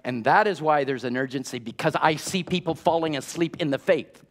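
A man's voice: a little high, brisk. A man preaching a sermon to his congregation, urgent and exhorting, repeating key words and asking rhetorical questions. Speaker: pastor.

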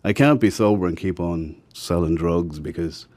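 In a low voice at a moderate pace, an Irish-accented guest relates stories in a relaxed, casual way. He's frank throughout and becomes lively when acting out the people in his tales.

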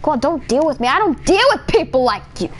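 A man voicing a bossy, self-important male police officer during gameplay commentary, scolding in a pompous rapid-fire way and straining his throat. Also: very high-pitched, expressive.

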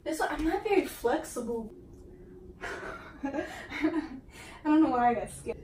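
Giggly high-voiced woman in an echoey room. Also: expressive, a little slow, a little mellow. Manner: giggly, self-mocking, laughs often. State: out of breath. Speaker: vlogger. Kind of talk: casual vlog. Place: her mom's bedroom. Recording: roomy, distant, faint hiss.

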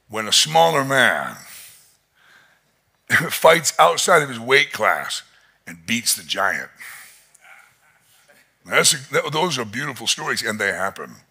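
A male pastor preaching a sermon in an animated storytelling manner, chuckling often as he tells the story. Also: a little high, vocal fry, breathy edge.

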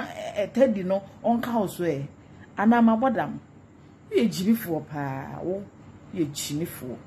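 Ghanaian woman, social media commentator, scornful gossip rant, mid-pitched voice, repeats her insults. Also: expressive, moderate pace, dark tone, a little hiss or hum. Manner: mocking, insulting, repetitive taunts.

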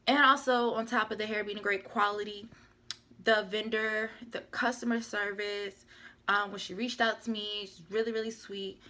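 A woman's voice: medium pitch, fairly even intonation, normal speed, pushed and bright. A young woman vlogger chatting casually and rambling through a product update, often correcting herself. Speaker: beauty vlogger. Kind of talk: casual product review chat.

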